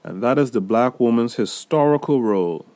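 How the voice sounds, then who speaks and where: A man hosting a solo podcast, talking through a film in an emphatic, deliberate way and speaking straight to his listeners. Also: mid-range voice, animated, mellow, dry recording. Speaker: podcast host reviewing a film.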